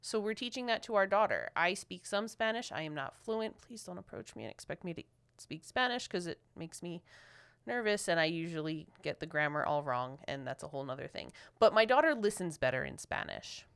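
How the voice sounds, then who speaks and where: A woman from Philadelphia co-hosting a marriage podcast, telling a story in an animated way and acting out what people said. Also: fairly low pitch, fairly quick, clear, resonant tone. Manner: animated, quotes people in lively voices. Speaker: podcast co-host. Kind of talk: casual storytelling chat.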